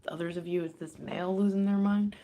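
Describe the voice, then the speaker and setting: A woman giving a casual psychic reading aloud, talking loosely and swearing, moving between hushed murmurs and excited bursts. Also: fairly low pitch, fast, a little hiss or hum. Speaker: psychic reader. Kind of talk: casual spoken card reading.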